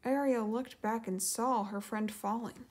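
A woman gently reading a children's storybook aloud and then going through vocabulary words. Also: on the high side, fairly even intonation, a little slow. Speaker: storybook reader and teacher.

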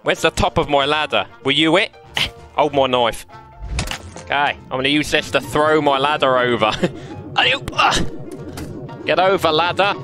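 Excitable, laughing man gaming. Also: fairly high pitch, normal speed, long pauses, soft background music. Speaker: game streamer. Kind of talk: playful VR gameplay commentary.

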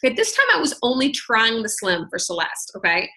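A woman's voice: on the high side, big pitch swings, fast talker, hardly any pauses, sharp tone, poor audio. A woman tells her personal story on a team call. She talks in a chatty, storytelling way, full of "like" and "oh my gosh". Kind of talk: personal testimony on a conference call.

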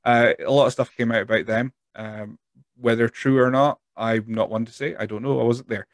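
A man's voice: medium pitch, fairly even intonation, moderate pace, no room sound. Scottish man hosting a casual podcast. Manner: rambling, laughing, swears casually. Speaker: podcast host. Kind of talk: casual interview chat.

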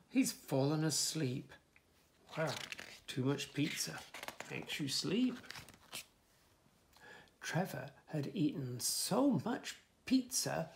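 Gravelly, lively man reading to kids. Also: on the high side, drawn-out words, pauses often. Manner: animated, playful asides to young listeners. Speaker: children's storyteller. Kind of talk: reading a picture book aloud to children.

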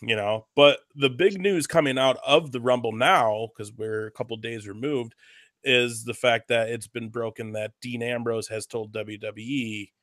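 A man co-hosts a casual talk show and shares opinions on wrestling news in quick bursts. His voice has a middle pitch and sounds dry and close, with no room echo. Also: steady tone, a bit bright. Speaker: podcast co-host. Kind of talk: casual chat, wrestling commentary.

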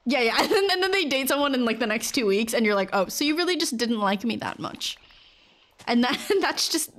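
Chatty woman streamer, slightly high voice. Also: a bit bright. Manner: chatty, rambling, full of "like", acts out little scenes for chat. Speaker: Twitch streamer. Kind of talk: casual live-stream chat while gaming.

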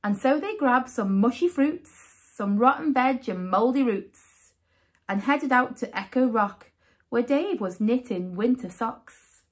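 A woman reading a rhyming children's picture book aloud as a storyteller, with an expressive, sing-song delivery. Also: on the high side, unhurried.

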